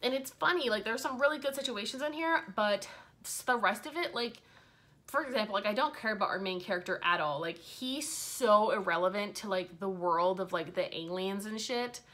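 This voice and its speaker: A woman's voice: mid-range voice, moderate pace, fairly bright tone. A young woman talking casually as a book vlogger, rambling frankly, full of fillers and swearing freely. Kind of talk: casual chat.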